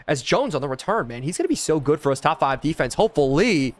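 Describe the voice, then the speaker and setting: A young man live-streaming a football video game, calling plays and thanking chat, excitable and loud on big plays. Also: a little high, fast talker.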